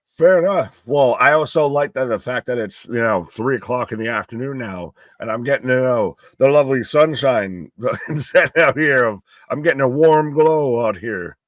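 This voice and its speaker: A man's voice: mid-range voice, moderate pace, dry recording. A man co-hosting a wrestling live stream, talking in a loose, joking, profane way, outdoors. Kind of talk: casual live-stream chat reacting to a wrestling event. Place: outdoors in afternoon sun.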